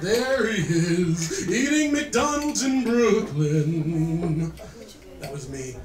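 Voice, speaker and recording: A man's voice: high-pitched, expressive, extremely slow. A man doing a stand-up comedy set, sarcastic and self-mocking as he banters with a live audience. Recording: roomy echo, distant mic, crowd noise.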